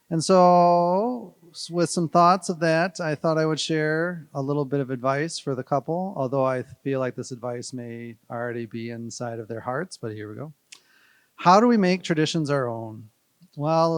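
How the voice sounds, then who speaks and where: A man's voice: fairly high pitch, clear, resonant tone, no echo. A man giving a playful, rambling wedding speech at a reception, joking with the crowd. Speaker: wedding guest giving a toast.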